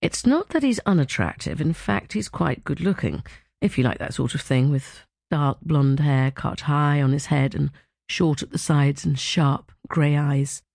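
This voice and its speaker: A woman narrating a first-person novel as an audiobook, with a dry, wry, measured delivery. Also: deep voice, expressive, creaky, a little mellow, no echo. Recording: dry close studio sound.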